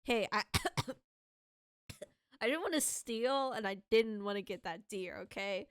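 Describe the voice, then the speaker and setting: A woman's voice: mid-range voice, measured pace, slight background noise. A young woman streaming a horror game, reading story text aloud and breaking into pleading, dramatic outbursts at the characters. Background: faint background music.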